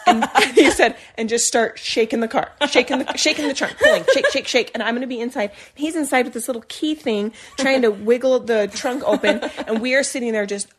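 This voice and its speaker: Animated young woman telling a story. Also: a little high, brisk, few pauses, breathy edge. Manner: animated storyteller acting out quotes. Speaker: podcast co-host. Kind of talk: casual storytelling chat.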